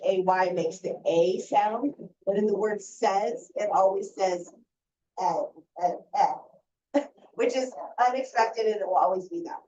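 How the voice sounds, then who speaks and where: A woman teacher explaining reading lessons to parents in a clear, patient way. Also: medium pitch, dark tone. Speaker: first grade teacher. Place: school room presenting to parents. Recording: roomy, distant, dull sound.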